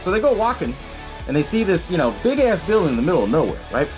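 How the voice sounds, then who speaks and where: A man's voice: on the high side, sing-song, fast, over music, poor audio. A man hosting a podcast, recapping a movie in a loose, profane way and laughing often. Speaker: podcast host.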